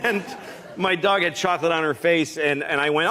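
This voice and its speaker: A man who is a comedian, telling a comic story as a guest on a TV talk show. He is animated and self-mocking and laughs as he talks. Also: on the high side, fairly quick.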